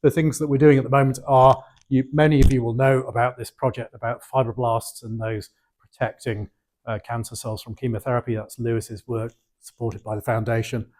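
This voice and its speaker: Husky-voiced man giving a lecture. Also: mid-range voice, little pitch movement, fairly quick, darkish tone. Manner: hesitant, many ums and restarts. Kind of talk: academic lecture with questions.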